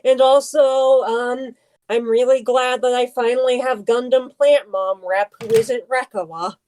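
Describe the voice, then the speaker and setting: Slow-talking woman, playful and jokey. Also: fairly high pitch, steady tone, darkish tone, low-quality recording. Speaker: podcast co-host. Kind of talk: casual anime discussion chat.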